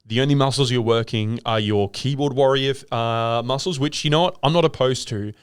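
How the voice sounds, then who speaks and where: A man's voice: mid-range voice, brisk, clean tone, no echo, clean studio sound. A man co-hosting a podcast in casual, rambling chat, riffing and throwing in impressions. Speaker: podcast co-host.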